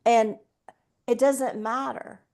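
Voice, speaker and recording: A woman's voice: on the high side, steady tone, takes it slowly, creaky, darkish tone. A woman in her sixties, speaking earnestly and emphatically as a guest at a group meeting, telling a personal story and acting out what people said. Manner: earnest and emphatic, acts out quoted speech. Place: meeting room.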